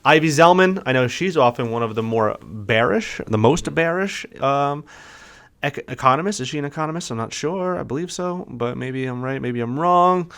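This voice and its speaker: A man's voice: mid-range voice, animated, normal speed, a bit bright, clean tone. A man co-hosting a casual podcast, upbeat as he reads out market forecasts and quizzes his partner. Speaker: podcast co-host, realtor.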